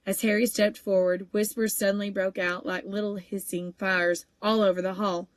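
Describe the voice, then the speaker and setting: A woman narrating a children's novel at an easy, steady pace, stumbling now and then on a word. Her voice sits at an ordinary middle pitch. The room is dead and dry, close to the mic. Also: normal speed, few pauses, no room sound. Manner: steady, even storytelling with occasional small stumbles. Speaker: audiobook reader. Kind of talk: audiobook narration.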